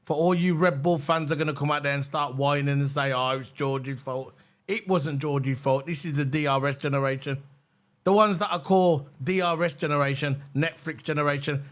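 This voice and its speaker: Ranting man hosting a stream. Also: a little high. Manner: heated, mocking, repeats phrases for emphasis. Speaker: livestream host. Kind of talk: ranting reaction livestream.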